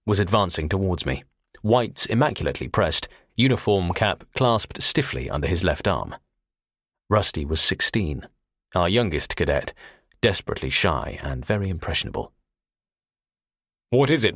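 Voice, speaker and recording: Deep, low male audiobook narrator. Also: big pitch swings, a bit bright, husky, dry recording, studio quality. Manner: measured storytelling, first-person.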